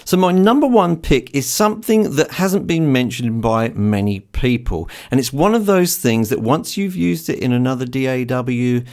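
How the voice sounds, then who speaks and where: A man hosting a screen-recorded software tutorial, chatty and enthusiastic, with frequent ums. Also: medium pitch, lively intonation, moderate pace, hardly any pauses.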